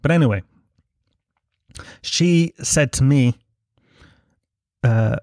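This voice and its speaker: A man's voice: mid-range voice, measured pace, pauses often, a little mellow, no room sound, studio quality. A man with an Irish accent hosting a casual solo podcast, rambling, jokey and full of swearing. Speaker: podcast host.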